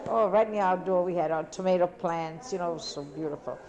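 An older woman from Italy, talking about her past in an interview in a rambling, repetitive, animated way. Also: fairly low pitch, fairly quick, noisy background. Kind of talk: casual reminiscing. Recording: crowd chatter behind.

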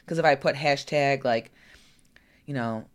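A woman's voice: rumbling low, a little slow. A woman coach talking candidly in a personal vlog, frank and chatty, now and then cursing and asking rhetorical "right?" questions. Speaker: lifestyle coach.

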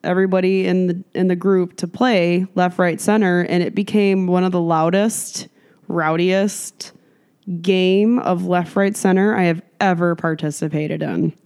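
A woman's voice: lowish voice, fairly even intonation, unhurried, a little mellow, clean tone. A woman co-hosting a podcast in casual, profane chat, laughing often as she tells stories. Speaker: podcast co-host.

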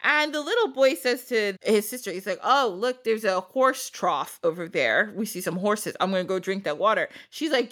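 A woman's voice: mid-range voice, expressive, fairly quick, few pauses, a bit bright. A woman podcast host retelling a folk tale in a casual, chatty way, laughing often and dropping slangy asides. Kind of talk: casual storytelling.

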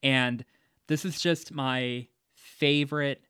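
A man's voice: mid-range voice, steady tone, slow, bright, forceful tone, smooth, dry recording, studio quality. A man hosting a casual movie discussion, chatty, with frequent laughs and fillers. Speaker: podcast host.

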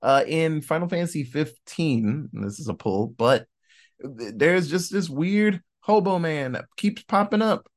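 A man's voice: fairly high pitch, expressive, unhurried. Rambling, swearing male podcast host. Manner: rambling, laughs often, swears. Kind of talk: casual movie review chat.

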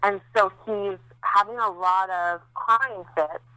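Bright-voiced woman chatting candidly. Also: medium pitch, steady tone, slow, clear, resonant tone, dry recording, low-quality recording. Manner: chatty, candid storytelling with many fillers. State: recovering after recent childbirth. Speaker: podcast co-host. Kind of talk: casual chat.

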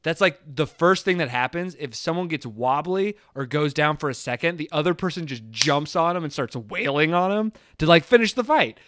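High-voiced animated man recapping a movie. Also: normal speed, hardly any pauses, no room sound. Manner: animated, laughs often, acts out lines in shouted voices. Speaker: podcast co-host. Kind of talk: casual movie recap chat.

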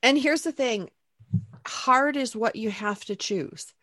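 A woman in her forties chatting casually on a podcast, telling stories with lively, animated asides. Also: fairly high pitch, slow pace, no room sound, studio quality. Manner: chatty, storytelling, animated anecdotes.

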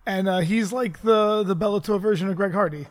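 A man with a notably high voice hosts a loose chat. He teases his guests and jumps in often. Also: a little fast. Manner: playful, teasing, interjecting. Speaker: podcast host. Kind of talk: casual chat.

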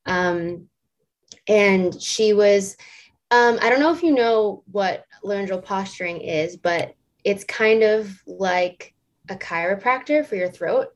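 A singer and stage performer in her late twenties tells a story during a casual interview chat, rambling along with lots of "like" and "um." Her voice is medium-pitched, and she takes her time.

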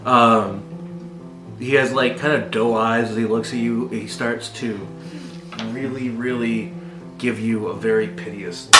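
A man running a tabletop game as game master, narrating casually with halting pauses. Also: mid-range voice, fairly even intonation. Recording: echoey room with guitar music.

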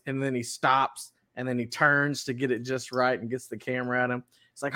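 A man's voice: medium pitch, moderate pace, no room sound, studio quality. A man co-hosting a podcast in casual chat, telling stories with lots of energy and laughter. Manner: animated storyteller, laughs often. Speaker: podcast co-host.

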